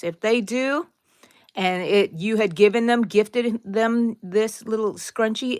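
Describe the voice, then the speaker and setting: A middle-aged woman talks through a live crochet lesson in a loose, chatty way, wandering off into side stories before coming back to the stitches. Her voice sits at an ordinary middle pitch and is recorded close and dry, with no room sound around it. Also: a little slow, dry recording. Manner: rambling, chatty storyteller who drifts into side stories; answers viewer chat by name. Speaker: crochet tutorial host. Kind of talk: casual live-stream tutorial chat.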